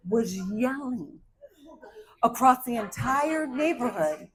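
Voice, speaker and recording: Woman in her 50s doing stand-up, hyper and bouncy, voice sits a bit high. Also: moderate pace, rough recording. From Arizona, USA. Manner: hyper, animated storytelling. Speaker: stand-up comedian. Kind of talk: stand-up comedy set.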